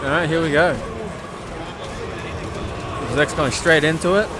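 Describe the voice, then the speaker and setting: Aussie co-caller doing play by play, fairly high voice, noisy venue. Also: male voice, steady tone. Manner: brisk, matter-of-fact calls. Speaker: co-commentator. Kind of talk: play-by-play commentary. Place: gaming tournament venue. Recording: noisy event room.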